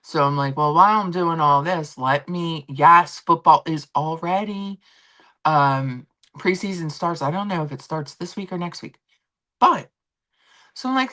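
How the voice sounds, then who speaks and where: Her voice is deep and a bit bright, and she talks a little slowly. She's a streamer chatting casually from home, acting out quotes as she tells everyday stories over a laptop and phone setup.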